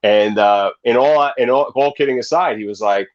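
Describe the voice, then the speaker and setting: A man's voice: medium pitch, moderate pace. A man in his forties, a snake breeder being interviewed, telling stories with energy and acting out the other people's lines. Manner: animated storytelling, acts out quoted voices. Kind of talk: casual livestream interview. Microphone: video call. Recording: muffled lo-fi stream audio.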